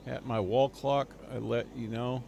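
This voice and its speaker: A man's voice: mid-range voice, fairly even intonation, measured pace, vocal fry, warm tone, a little hiss or hum. A man streaming a game live, rambling and chuckling as he plays and talks to his dog. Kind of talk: live gameplay commentary.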